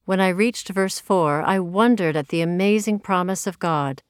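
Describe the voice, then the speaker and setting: A woman's voice: on the low side, moderate pace, hardly any pauses, smooth, no echo, studio quality. A woman from Minnesota reading her own personal story of faith aloud in an earnest, reflective way. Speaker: narrator.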